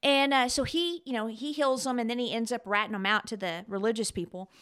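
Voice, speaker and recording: A woman co-hosting a podcast, retelling a story in an animated, emphatic way. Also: a little high, a little fast, clean tone. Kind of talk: casual conversation, storytelling.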